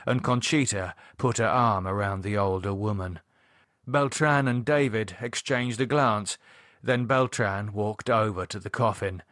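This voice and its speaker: A man narrating a horror novel in a measured, even storytelling voice. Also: fairly low pitch, dry recording, studio quality. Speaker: audiobook narrator. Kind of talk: scripted narration.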